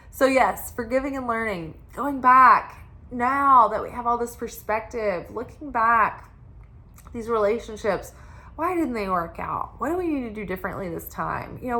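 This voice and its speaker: Chatty woman doing a tarot reading, bright crisp voice, says like a lot. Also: a little high. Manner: chatty, frequent "like" fillers. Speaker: tarot reader. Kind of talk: casual tarot reading monologue.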